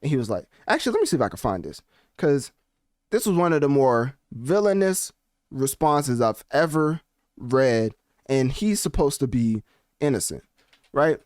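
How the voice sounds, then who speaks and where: A man hosting a podcast, chatting casually with animated, slangy commentary while looking things up on his screen. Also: mid-range voice, moderate pace, no echo, clean studio sound. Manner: animated, conversational, slangy asides. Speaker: podcast host. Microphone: podcast mic, also on video.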